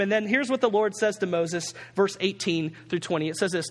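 Male pastor with a high voice, casual and funny sermon delivery, in a big echoing church. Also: brisk, hardly any pauses. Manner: conversational, humorous preaching.

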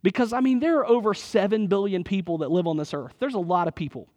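A man's voice: high-pitched, fast talker, darkish tone, big-room sound. A man in his thirties preaching a sermon in an earnest, conversational way, often repeating his phrases. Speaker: pastor.

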